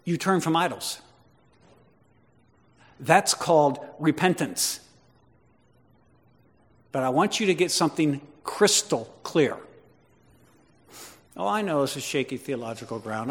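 A man preaching a sermon to his congregation, swinging between loud emphatic lines and quiet conversational asides with questions to the listeners. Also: a little high, animated, a little slow, long pauses. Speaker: pastor. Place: church. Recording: long reverb of a large hall.

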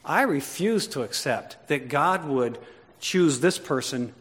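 A man preaching a sermon to his congregation, swinging between loud emphatic lines and quiet conversational asides with questions to the listeners. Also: a little high, lively intonation, takes it slowly. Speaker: pastor. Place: church. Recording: long reverb of a large hall.

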